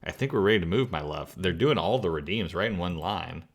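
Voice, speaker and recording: Laid-back male streamer, low gravelly voice, animated, jokey commentary. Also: fairly quick. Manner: joking, chatty, laughs at himself. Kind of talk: casual gameplay commentary.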